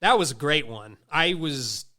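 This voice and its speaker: Speaking unhurriedly in a higher-leaning voice, a late-thirties man hosts a podcast and spins stories in casual, profane conversation. He's animated, imitating the voices of everyone in his tales.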